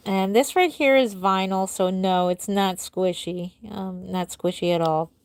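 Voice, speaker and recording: A woman's voice: medium pitch, a little slow, smooth, no echo. Chatty woman doll artist on a livestream. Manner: chatty, reads out and answers viewer comments. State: tired, yawning. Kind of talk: casual livestream chat.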